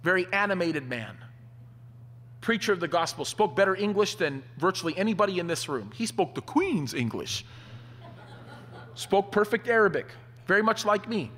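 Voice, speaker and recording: Man, pastor, sermon, animated storyteller, slightly high voice, long hall echo. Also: normal speed.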